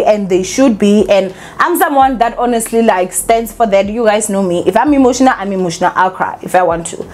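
Animated woman vlogger. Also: a little high. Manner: animated, opinionated, laughs often. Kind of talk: casual commentary vlog.

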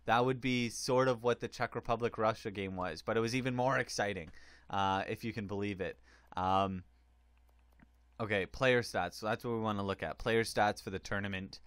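A man giving casual, excitable commentary on a hockey video game tournament, rambling with many fillers. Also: on the low side, normal speed, smooth, no room sound. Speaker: gaming commentator.

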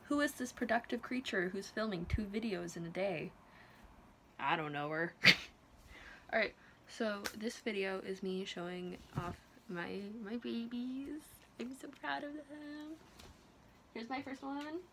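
A woman's voice: fairly high pitch, measured pace, background noise. A young woman chatting casually in a home vlog, playful and gushing, baby-talking to her pets. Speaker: vlogger.

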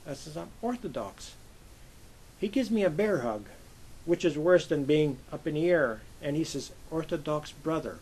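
Gravelly older man telling war stories. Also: a little high, moderate pace, low-quality recording. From Pennsylvania, USA. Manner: lively anecdotal storyteller, acts out quoted voices. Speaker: Navy veteran interviewee. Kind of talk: oral history storytelling.

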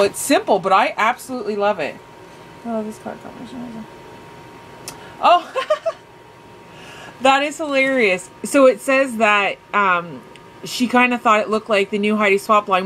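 A woman chatting casually as she opens crafting mail, gushing and excitable, full of fillers. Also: medium pitch, a little hiss or hum, low-quality recording. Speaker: craft vlogger; mother. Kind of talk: casual unboxing chat.

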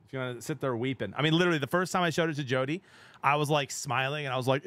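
A middle-aged male game streamer with an average-pitched voice, chatting casually and excitably with his audience. He laughs easily and drifts between half-finished sentences. His voice is close and dry, with no room sound. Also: very fast, no room sound. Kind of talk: casual live-stream chat.

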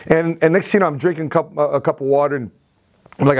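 Animated man retelling a story, higher voice. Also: a little fast. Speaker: entrepreneur vlogger. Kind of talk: storytelling vlog.

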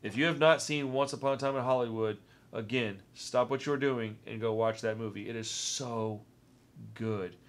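A man's voice: medium pitch, moderate pace. A man with a Texan accent hosting a casual movie-ranking vlog, talking with rambling enthusiasm and often repeating words. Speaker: movie review vlogger.

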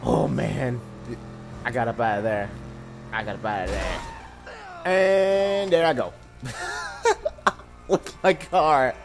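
A young man giving excitable, jokey commentary on a driving game, laughing and shouting often. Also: mid-range voice, slow pace, vocal fry, long pauses, background noise. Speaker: gameplay commentator. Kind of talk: live let's-play commentary. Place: home room.

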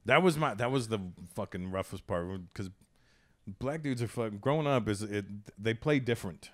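A man from Canada hosting a podcast, telling street stories in a casual, profane, animated way. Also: lowish voice, moderate pace. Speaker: podcast host. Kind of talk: casual storytelling chat.

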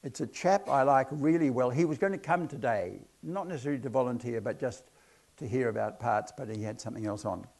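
A man's voice: mid-range voice, brisk, creaky, a little mellow. A man giving a hypnotherapy talk to an audience, telling chatty, self-deprecating stories about his cases. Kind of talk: anecdotal lecture to an audience.

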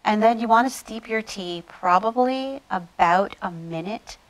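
A woman's voice: medium pitch, a little slow, low-quality recording. A woman being interviewed as a guest, explaining tea-making in a chatty, explanatory way. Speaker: tea business owner, guest. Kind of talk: casual interview.

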